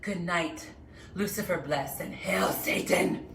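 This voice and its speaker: A woman playing a theatrical female Satan, hushed to booming. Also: takes it slowly, recorded from a distance, slight background noise. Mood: mocking. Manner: dramatic, swinging between whispers and loud declarations. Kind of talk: comedic character monologue. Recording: echoey room, voice off-mic.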